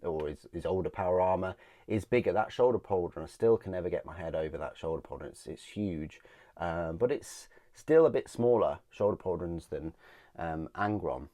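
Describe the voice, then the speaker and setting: A man giving a casual product review, hesitant, with many ums and restarts and phrases that trail off quietly. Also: low-pitched, moderate pace. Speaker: miniatures reviewer.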